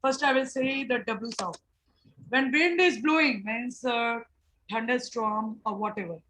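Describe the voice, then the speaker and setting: A woman, teaching a phonics workshop, explaining slowly and repeating sounds. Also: fairly high pitch, fairly bright tone, a little hiss or hum, poor audio. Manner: slow, repetitive explaining with drawn-out sounds. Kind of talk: online phonics class for teachers.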